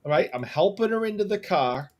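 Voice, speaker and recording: Animated male co-host spinning a story. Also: high voice, a little fast. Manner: animated storytelling, mock apologetic. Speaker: podcast co-host. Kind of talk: casual podcast chat.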